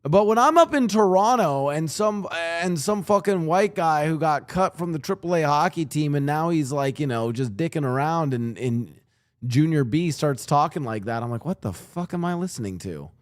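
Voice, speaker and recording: A man's voice: a little high, moderate pace. A young man hosting a casual reaction stream, rambling and swearing with frequent restarts, on a streaming mic at home. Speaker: streamer and podcast host.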